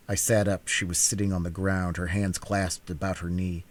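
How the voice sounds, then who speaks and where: A man giving a cold-read audiobook narration, reading in a measured, quiet and even way. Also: low voice. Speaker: reader.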